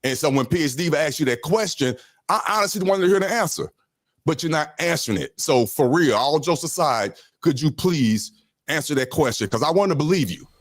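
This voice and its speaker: A man's voice: on the high side, expressive, dry recording, clean studio sound. A man on a live-stream panel, speaking earnestly and carefully. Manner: earnest, measured. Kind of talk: heated live-stream debate.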